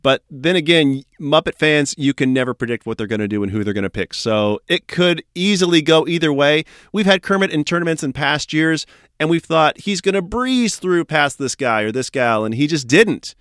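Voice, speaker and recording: A man's voice: fairly high pitch, animated, fairly quick, fairly bright tone, smooth, no echo, studio quality. Chatty, upbeat podcast host man. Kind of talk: casual podcast chat.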